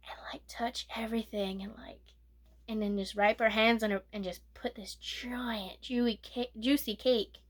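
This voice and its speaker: A woman giving a soft-spoken ASMR movie recap, rambling and correcting herself, sometimes dropping to a whisper. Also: on the high side. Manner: rambling, self-correcting retelling with filler "like". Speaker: movie reviewer.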